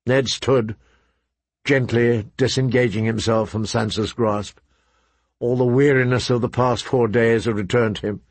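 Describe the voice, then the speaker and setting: Slow, husky male audiobook narrator. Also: mid-range voice, fairly even intonation, no room sound. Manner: measured, dramatic storytelling. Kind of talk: scripted narration.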